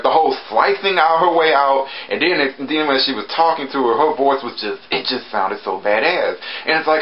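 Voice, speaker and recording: A man's voice: highs cut off, a little hiss or hum. Chatty sarcastic man reviewing an episode. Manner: chatty, sarcastic asides, animated pitch jumps. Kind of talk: casual spoken review.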